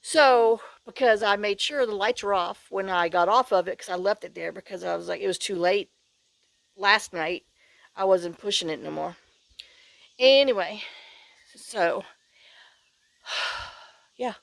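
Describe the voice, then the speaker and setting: A middle-aged woman with a drawl rambles through a casual vlog, tired and overheated from outdoor chores. She trails off, sighs, and circles back with lots of fillers. Her voice sits at an ordinary pitch and sounds dry and close. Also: unhurried, vocal fry, pauses often, no room sound. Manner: rambling, sighing, full of fillers and restarts. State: worn out and hot after outdoor work. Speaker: vlogger. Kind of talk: casual rambling chat to camera. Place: outdoors on rural property.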